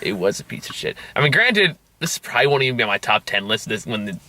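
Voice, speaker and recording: A man's voice: lowish voice, very animated, fast talker, bright, forceful tone. A man hosting a casual movie review chat, sarcastic and laughing often, swearing freely as he mocks a film. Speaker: movie review show host.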